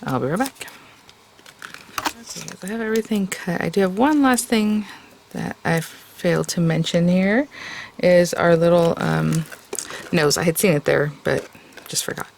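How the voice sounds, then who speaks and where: A woman hosts a homey crafting tutorial in a loose, thinking-aloud way, often pausing on fillers. Her voice has a gravelly fry to it, and there is a faint hum of background noise. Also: deep voice. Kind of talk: casual step-by-step crafting tutorial.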